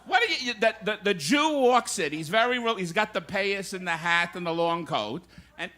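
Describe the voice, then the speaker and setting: Performing live stand-up at a comedy club, a man tells old-school jokes and fires back at hecklers as he works the crowd. His high-pitched voice is expressive, bright, and forceful at a moderate pace, with a little hiss or hum.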